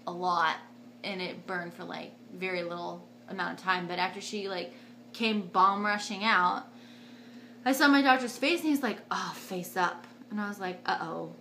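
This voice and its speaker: Bright-voiced young woman telling a story. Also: a little hiss or hum. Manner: animated, acts out quotes with big jumps in pitch and loudness. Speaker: vlogger. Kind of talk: casual storytelling to camera.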